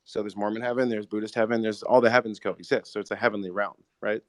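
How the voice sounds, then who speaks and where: A man's voice: lowish voice, fairly even intonation, no echo. A man, a screenwriter and show creator, talking enthusiastically in casual podcast conversation with many fillers. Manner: rapid, enthusiastic, lots of fillers.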